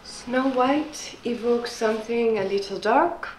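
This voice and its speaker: An actress playing a flirtatious woman on a webcam, speaking slowly and teasingly with an accent mixing French and Russian. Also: on the high side, a little hiss or hum, poor audio. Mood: seductive. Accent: French-Russian mix. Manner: slow, teasing, seductive.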